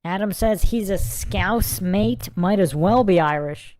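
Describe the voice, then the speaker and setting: A man's voice: high-pitched, measured pace, darkish tone, dry recording. A man hosting a casual livestream, reading viewer chat aloud and musing over it. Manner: chatty, muses aloud, reads comments and look-ups aloud.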